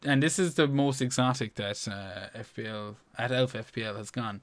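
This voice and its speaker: A man's voice: medium pitch, moderate pace, no room sound. A man hosting a podcast, teasing his co-host and swearing freely in casual banter.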